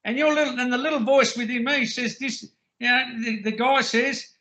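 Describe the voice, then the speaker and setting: A man in a heated argument, questioning and swearing, with halting restarts. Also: very high voice, steady tone, sharp tone.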